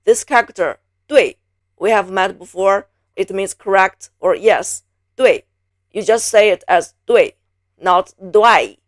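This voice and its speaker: Woman from beijing teaching pronunciation, slow and patient, repeats each sound over and over, dry close sound. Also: mid-range voice, dry recording. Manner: patient, drills sounds by repeating them slowly. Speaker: Mandarin teacher. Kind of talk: pronunciation lesson.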